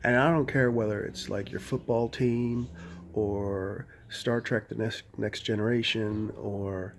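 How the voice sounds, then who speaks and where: A man's voice: fairly low pitch, steady tone, a little slow, slight background noise. A man talking casually into a handheld phone camera, rambling, full of "like" and frequent swearing. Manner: rambling, heavy on "like", swears freely. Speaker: vlogger.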